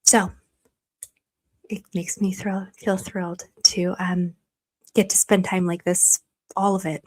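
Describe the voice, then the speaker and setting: A woman hosting a livestream, chatting casually to her viewers, gushing and emotional, rambling with many restarts. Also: medium pitch. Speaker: livestream host.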